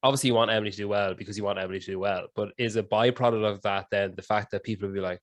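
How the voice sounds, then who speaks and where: A man's voice: on the low side, steady tone, very fast, few pauses, no room sound. A man hosting a casual podcast, asking long, laid-back, rambling questions. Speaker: podcast host.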